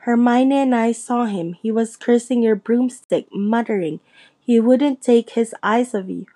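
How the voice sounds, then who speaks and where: A woman's voice: fairly high pitch, a little slow, warm tone. A woman reading aloud and voicing an earnest schoolboy who urgently insists on what he saw. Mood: insistent.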